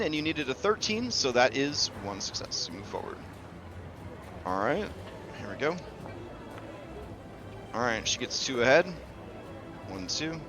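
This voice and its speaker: A man narrating a tabletop game as game master, in a bright, forceful voice of middle pitch. He talks in a loose, chatty way, full of fillers and the odd curse.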